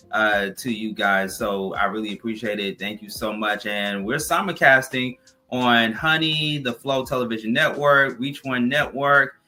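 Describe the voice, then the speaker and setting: Man, talk show host, bright tone, upbeat sign-off plugs, faint background music. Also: medium pitch. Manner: upbeat, promotional shout-outs. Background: soft music bed.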